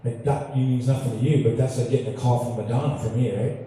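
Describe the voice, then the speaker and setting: A man's voice: mid-range voice, steady tone, fast talker, warm tone. Canadian man chatting from a roomy stage. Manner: chatty, self-deprecating, laughs through his stories. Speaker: guitarist telling stories between songs. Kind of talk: on-stage storytelling banter. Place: large hall with audience. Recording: echoey hall, distant mic, faint ambience.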